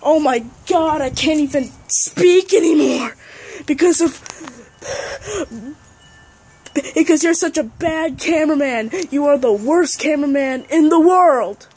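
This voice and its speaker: A woman's voice: high voice, moderate pace, a little mellow. A woman playing a bossy, short-tempered young film director in an amateur comedy sketch, scolding and exasperated.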